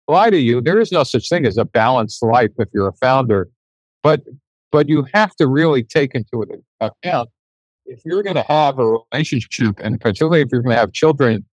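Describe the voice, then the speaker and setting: An older man telling a story as an interview guest, animated and acting out the dialogue in his anecdotes. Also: mid-range voice, no echo, dull audio.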